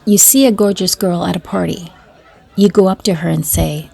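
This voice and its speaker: A woman's voice: lowish voice, steady tone, normal speed, creaky, darkish tone, husky, some chatter behind. A woman storyteller reading short stories and jokes aloud in a dry, matter-of-fact way.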